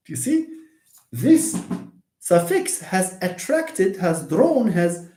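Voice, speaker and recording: A man, teaching English linguistics in a live online lesson and answering questions, moving between quick asides and slow, careful explanation. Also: sits high. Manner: lively, switches between fast asides and slow syllable-by-syllable explanation. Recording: roomy echo.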